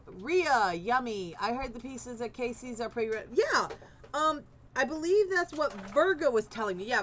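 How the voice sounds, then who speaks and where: Gentle, rambling woman streamer. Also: fairly high pitch, slight background noise. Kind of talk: casual live-stream chat while gaming.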